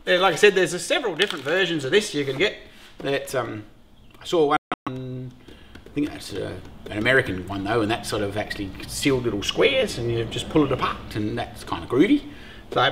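A middle-aged Australian man hosting a beekeeping vlog, chatting casually in a jokey, excitable way and swearing freely. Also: a little high, a little hiss or hum. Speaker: beekeeper host.

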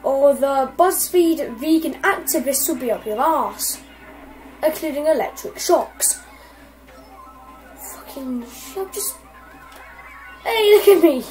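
Girl gaming, high voice, swears nonstop at the AIs, kinda slow talker. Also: rough recording. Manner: excitable, swears constantly at opponents. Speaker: gamer. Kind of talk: casual gameplay commentary. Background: faint game music.

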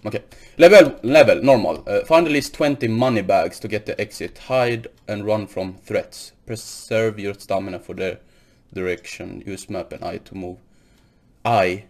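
A man hosting a horror game playthrough, jumpy and nervous, repeating greetings and swearing when startled while claiming he is not scared. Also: lowish voice. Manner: keeps insisting he is not scared. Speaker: gaming video host. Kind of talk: horror game let's play commentary.

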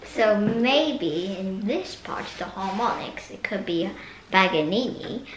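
A female violinist thinking aloud as she practices, hesitant and musing, with many pauses and ums. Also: medium pitch, animated, over loud music. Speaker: violinist and vlogger. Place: practice room. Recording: echoey room with background noise.

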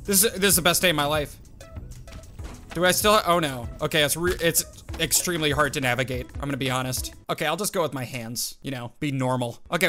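High, bright excitable young gamer man. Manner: excitable, exclaiming, laughing. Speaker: gaming video host. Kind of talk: let's play commentary.

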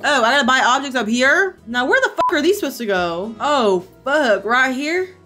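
A young woman streamer giving casual gameplay commentary, excitable, gasping and swearing freely. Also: sits high, moderate pace, soft background music.

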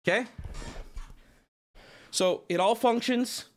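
A man livestreaming from his home setup, telling his chat a story in an animated, profane, self-mocking rant. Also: very high-pitched, takes it slowly.

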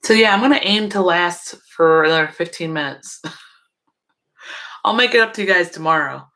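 A young woman talks casually to her livestream audience. Her voice sits a little low, and she sounds drowsy, yawning and laughing softly as she goes. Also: moderate pace. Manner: sleepy, yawning, chatty with viewers. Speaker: livestream host.

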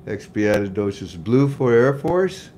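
With a lowish, darkish voice and a sing-song, unhurried delivery, this older livestream host chats casually on his faith-based stream. He welcomes viewers by name, chuckles at his own jokes and leads them in prayer, over slight background noise.

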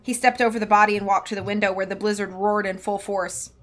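A woman's voice: medium pitch, fairly even intonation, fast, faint music behind. A woman live-streaming a book reading, narrating plainly and breaking off for chatty, giggly asides.

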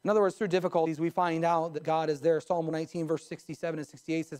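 A man's voice: on the high side, level tone, fast talker, a little mellow. A pastor preaching a live sermon in his church, who often asks the congregation questions and tells stories to make his points.

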